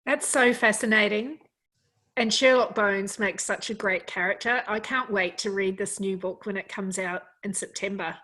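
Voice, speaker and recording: A woman's voice: mid-range voice, normal speed, bright, forceful tone, low-quality recording. A woman interviewing an author, enthusiastic and full of compliments. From Australia. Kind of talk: interview hosting.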